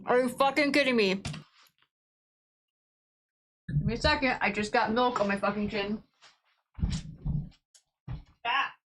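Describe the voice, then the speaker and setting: Blunt, chatty woman streamer, higher voice. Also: a little slow, long pauses, fairly bright tone, a little hiss or hum. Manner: chatty, blunt, swears freely. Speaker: gaming livestreamer. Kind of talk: casual livestream chat while playing. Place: at her desk at home.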